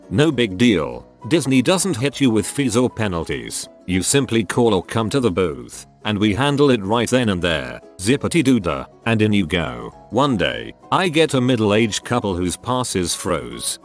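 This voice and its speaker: A man giving scripted narration of online stories in an even, measured storytelling delivery. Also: fairly low pitch.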